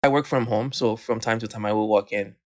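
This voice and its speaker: A man's voice: on the low side, brisk. A man, co-hosting a faith podcast and telling stories animatedly with many restarts. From Haiti. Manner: animated storytelling, frequent restarts. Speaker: podcast co-host. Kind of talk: casual faith podcast chat.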